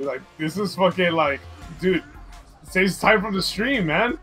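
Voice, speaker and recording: Relaxed male streamer, slightly higher voice, music underneath. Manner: laid-back, swears casually. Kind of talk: casual gaming chat.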